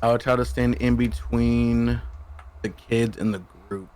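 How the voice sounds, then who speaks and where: A man's voice: mid-range voice, flat delivery, unhurried, a little mellow, smooth. A man playing a tabletop game, stating his character's actions plainly. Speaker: player. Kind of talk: casual tabletop play.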